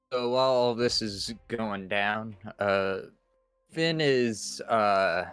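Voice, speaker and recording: A man's voice: mid-range voice, clear, resonant tone. A man playing a tabletop role-playing game, describing his character's plans in a hesitant, playful way. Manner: hesitant, full of fillers, playful. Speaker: player. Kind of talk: casual game chat.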